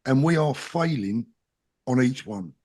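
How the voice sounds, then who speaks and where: A man's voice: medium pitch, lively intonation, unhurried, warm tone. A middle-aged man with a South London accent, a guest talking in an interview in an earnest, plain-spoken and emphatic way. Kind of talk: casual interview talk.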